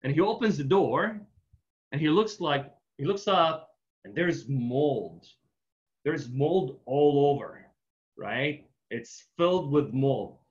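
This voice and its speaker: A man's voice: on the high side, expressive, slow pace. Man coaching in a loose, filler-heavy style. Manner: loose storytelling, constant "right?" tags and fillers. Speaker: real estate marketing coach. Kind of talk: casual teaching in a Q&A. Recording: dull lo-fi recording.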